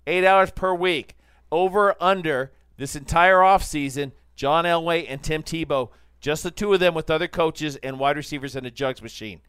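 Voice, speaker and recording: Animated man on sports talk radio. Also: fairly high pitch, normal speed, smooth, no echo, studio quality. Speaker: sports talk show host. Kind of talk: casual sports radio banter.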